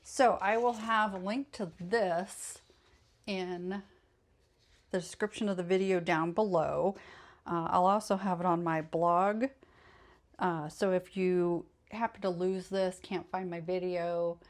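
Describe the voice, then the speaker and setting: A woman's voice: on the low side, fairly even intonation, takes it slowly. A woman hosting a casual craft tutorial, chatty and meandering, often correcting herself mid-sentence and sounding a bit tired. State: tired, yawning late in the evening. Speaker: craft channel host.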